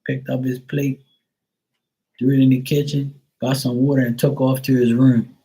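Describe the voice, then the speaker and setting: A man's voice: medium pitch, flat delivery, moderate pace, warm tone, rough recording. A middle-aged man hosting a livestream, telling a rambling story full of blunt profanity in casual chat. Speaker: livestream host.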